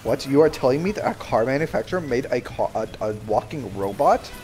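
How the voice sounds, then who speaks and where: A young man livestreaming a game, bantering loudly and sarcastically with his chat in mock outrage. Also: medium pitch, expressive, fairly quick, faint music behind. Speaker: streamer. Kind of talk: live gaming stream chatter.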